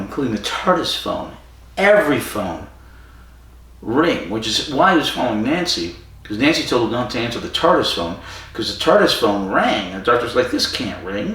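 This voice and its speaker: A man's voice: on the low side, a bit bright. A man hosting a podcast, casually recapping a story with digressions and self-corrections. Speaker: podcast host. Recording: very echoey room, far from mic.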